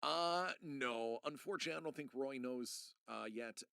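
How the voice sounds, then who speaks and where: Gravelly middle-aged streamer. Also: male voice, medium pitch, moderate pace, sharp tone, no room sound. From United States. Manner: rambling and earnest, talking straight to chat. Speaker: live streamer. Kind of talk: casual live-stream chat.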